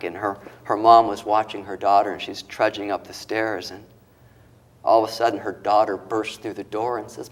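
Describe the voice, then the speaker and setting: Male guest, lowish voice, emotional storyteller who voices the people he quotes. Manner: retells stories with quoted voices, gets choked up. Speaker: author and guest.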